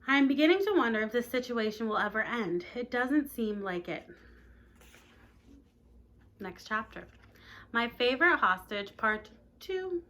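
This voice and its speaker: A woman's voice: on the high side, animated, measured pace, long pauses, sharp tone. A woman, a teacher, reading a novel aloud and breaking off for chatty asides to her listeners.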